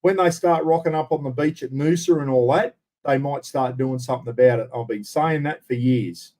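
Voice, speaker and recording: A man's voice: mid-range voice, moderate pace, dark tone. An Australian man hosting a casual livestream, answering viewers in a blunt, rambling way with casual swearing. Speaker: livestream host.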